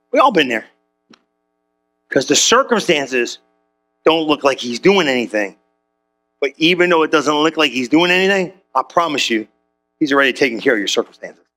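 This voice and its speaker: A male pastor preaching a sermon, telling stories in casual slang and acting out the characters. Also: a little high. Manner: animated storytelling with character voices; casual slang-heavy delivery.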